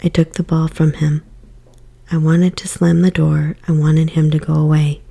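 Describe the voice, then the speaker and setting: A woman giving a soft, whispered ASMR book reading as storyteller. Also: sits low, little pitch movement, normal speed, vocal fry.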